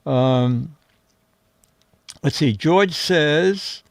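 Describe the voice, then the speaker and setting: A man hosting a casual comedy show, reading out photo captions and trading jokes in an unhurried way. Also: on the high side, creaky, dry recording. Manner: unhurried, reads captions aloud with dry jokes.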